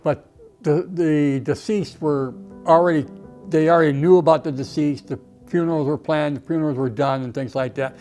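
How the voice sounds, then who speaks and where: A man's voice: fairly high pitch, fairly even intonation, normal speed, warm tone, faint music behind. An older man, an Army veteran, reminiscing emotionally in a documentary interview, often saying "okay" and "you know".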